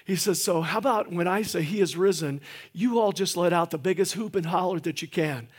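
A man's voice: high voice, fairly quick, husky. A middle-aged man preaching a sermon in a church, folksy and joking, with lots of fillers and restarts. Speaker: guest pastor. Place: church sanctuary.

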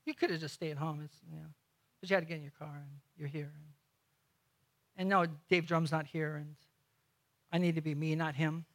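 High, bright-voiced male preacher telling stories. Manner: animated storyteller, swings between loud bursts and hushed, slow emphasis. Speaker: guest preacher. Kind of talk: sermon with storytelling.

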